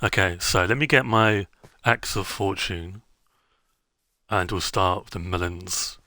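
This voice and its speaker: A man's voice: sits low, measured pace, pushed and bright, dry recording. A man streaming a game, chatting casually in a rambling way, with many fillers and self-interruptions. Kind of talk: casual gameplay chat.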